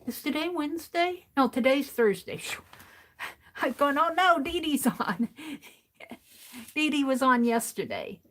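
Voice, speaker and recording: Casting: higher-voiced woman, unhurried, chatty craft-stream host who thinks aloud and repeats herself. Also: a bit bright. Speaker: art journaling livestream host. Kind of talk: casual chat while crafting. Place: home craft desk.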